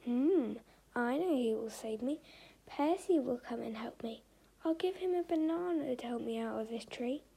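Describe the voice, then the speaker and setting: A woman's voice: on the high side, animated, normal speed, gravelly, warm tone, slightly rough, exaggerated voice, rough recording. A woman voicing a greedy, selfish male monkey in a storybook tale, grumbling at first and panicky when stuck. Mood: pleading.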